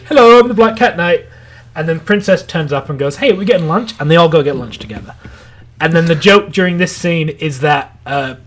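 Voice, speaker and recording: A man co-hosting a casual review podcast, rambling through a plot recap full of "like" and acting out character lines. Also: on the high side. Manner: acts out character lines in quick voices. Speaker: podcast co-host. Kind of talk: casual anime review chat.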